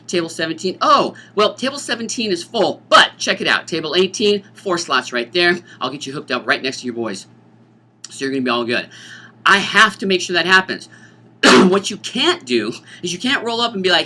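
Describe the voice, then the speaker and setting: A middle-aged man, a teacher, explaining a school dance's rules to students in an animated, joking way, often acting out student voices. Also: sits high, a little fast. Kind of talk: informational talk to students.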